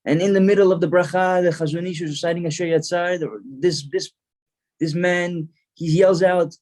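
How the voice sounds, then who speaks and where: A man's voice: high-pitched, fairly even intonation, normal speed, darkish tone. A male rabbi giving a storytelling sermon, earnest, repeating words as he builds the story.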